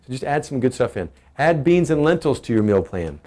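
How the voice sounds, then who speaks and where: A man's voice: mid-range voice, brisk. Brief: middle-aged Texan man, punchy wellness talk, keeps throwing questions at the listener. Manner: energetic, emphatic, asks the audience questions. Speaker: chiropractor giving family health talk. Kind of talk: casual health talk to patients.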